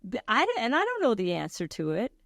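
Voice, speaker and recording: Woman host asking questions, kinda high and lively, curious. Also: fast talker, vocal fry, dry recording, studio quality. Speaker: interviewer. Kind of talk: interview questions.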